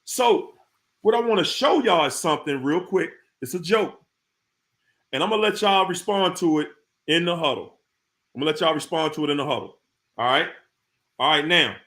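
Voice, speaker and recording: A man's voice: fairly high pitch, a little fast, long pauses, bright, forceful tone. A man hosting a casual live stream, talking straight to his viewers in informal slang and repeating his points for emphasis. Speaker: live-stream host talking about narcissists.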